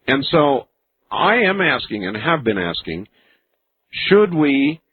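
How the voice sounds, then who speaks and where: A man hosting a late-night call-in radio show, musing slowly with many fillers. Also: medium pitch, sing-song. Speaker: radio talk show host. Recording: narrow phone-like radio broadcast with faint hiss.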